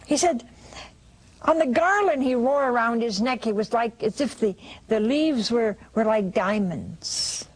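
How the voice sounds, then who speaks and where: A woman retelling a saint's dream vision in slow, expressive storytelling, sinking soft and low for the hushed parts. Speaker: religious storyteller.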